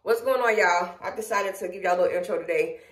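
A woman's voice: mid-range voice, fast. Southern woman, young adult, casual vlog, frustrated rambling, echoey home room. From Georgia, USA. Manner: frustrated, rambling, speaks her mind. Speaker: vlogger. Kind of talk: casual vlog talk to camera. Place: at home, indoors.

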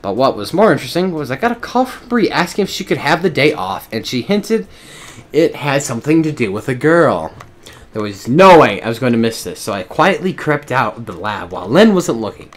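A man's voice: medium pitch, sing-song, fairly quick. A man reading a comic story aloud in the first person, now and then stopping to laugh and remark on his own reading. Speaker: story reader.

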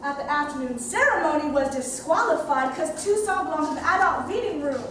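A young actress with a high voice delivering a lively theatrical monologue. She is caught from far back in the house, and the stage reverb is heavy, with a faint hiss underneath. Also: a little fast. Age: young adult. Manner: vivid, playful storytelling.

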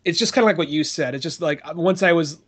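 A slightly high-voiced man on a casual movie podcast. He talks loosely and swears freely, often jumping into quick impressions of characters while retelling scenes. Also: a bit bright. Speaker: podcast co-host.

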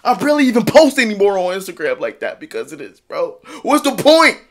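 A young man in his twenties, a content creator, ranting in a distraught vlog that swings from low muttering to loud shouting. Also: huge pitch swings, fast. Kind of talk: emotional vlog rant.

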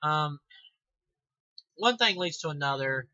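A man's voice: fairly high pitch, lively intonation, slow pace, pushed and bright, dry recording. Profane sarcastic young guy reviewing. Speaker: movie reviewer. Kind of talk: casual movie review. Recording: dull lo-fi home recording.

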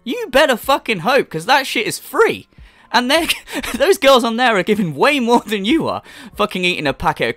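Sarcastic man ranting, lively pitch. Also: dry recording. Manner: sarcastic, profane, exasperated. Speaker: commentary YouTuber. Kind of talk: ranting reaction commentary.

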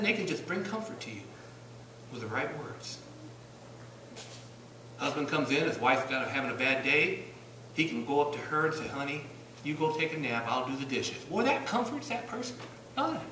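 This is a sermon from a church sanctuary, captured at a distance in a roomy space with a little hiss or hum. The preacher, a Southern-accented man from Virginia, speaks emphatically in a fairly high, bright, forceful voice and poses rhetorical questions to the congregation.

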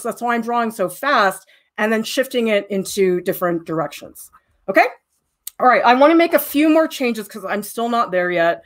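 A woman's voice: fairly high pitch, animated, moderate pace. A middle-aged woman teaching a live drawing demo, chatty and self-deprecating, often laughing at herself. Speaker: art teacher.

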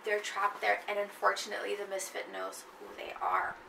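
A woman lectures on literature, often pausing to check in with her class. Her voice is gravelly and bright. It is picked up from a distance in a room with a lot of echo. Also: medium pitch, completely flat delivery, slight background noise. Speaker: literature teacher. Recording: echoey room, mic at a distance.

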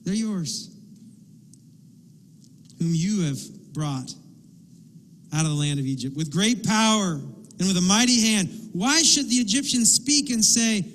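A man's voice: sits high, expressive, moderate pace, fairly bright tone. A man preaching a sermon as pastor, impassioned, voicing pleading quotes as he goes. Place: church sanctuary. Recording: long hall reverb.

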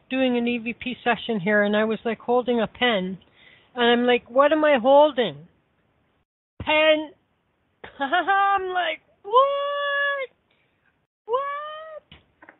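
A woman's voice: fairly high pitch, no echo. A woman chatting casually, rambling with lots of fillers and restarts. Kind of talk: casual chat. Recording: tinny phone line.

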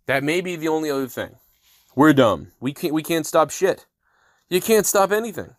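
A man's voice: on the high side, dry recording, studio quality. Furious profane man ranting alone. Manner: angry, swearing nonstop, rising to loud outbursts. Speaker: podcast host. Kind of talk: profane solo rant.

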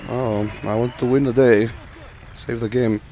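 A man with a sore throat giving jokey, excitable commentary while playing a shooter game. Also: medium pitch, unhurried, soft background music. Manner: jokey, excitable, talks to teammates and himself. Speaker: gamer. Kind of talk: gameplay commentary.

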